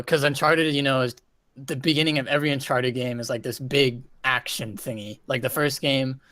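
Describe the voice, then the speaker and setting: A man's voice: medium pitch, a bit bright, dry recording. A man co-hosting a gaming podcast, rambling with lots of "like" as he recounts scenes. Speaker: podcast co-host. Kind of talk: casual chat.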